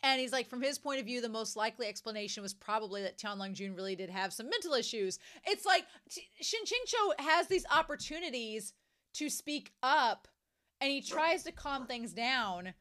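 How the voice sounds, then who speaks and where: A young woman casually discussing a novel she is reading, animated and jumping to excited high notes. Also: normal speed. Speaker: book reviewer.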